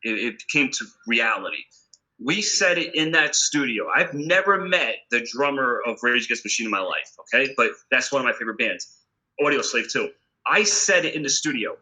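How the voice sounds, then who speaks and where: Emphatic bright-voiced New York man. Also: mid-range voice, expressive, moderate pace, rough recording. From United States. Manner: emphatic, profane, acts out quoted exchanges. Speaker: guitarist guest. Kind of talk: casual storytelling interview.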